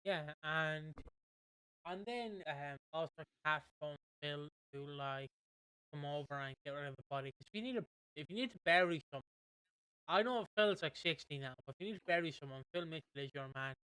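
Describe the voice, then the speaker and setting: A man co-hosting a podcast, chatting in a quick, amused, sweary way while recapping a soap. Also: fairly high pitch, sharp tone, smooth, dry recording, low-quality recording. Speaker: podcast co-host. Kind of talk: casual chat recapping a soap.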